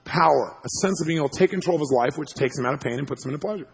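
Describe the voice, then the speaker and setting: A man telling a story to an audience as a motivational speaker, animated and laughing as he acts out what people said. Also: on the high side, racing, vocal fry, husky.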